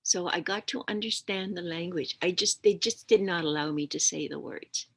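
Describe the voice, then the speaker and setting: An older woman leads an outdoor lesson, telling stories slowly and gently in plain words sprinkled with Ojibwe. Her voice is gravelly and a little husky. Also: on the low side. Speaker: elder teacher. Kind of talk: oral storytelling lesson.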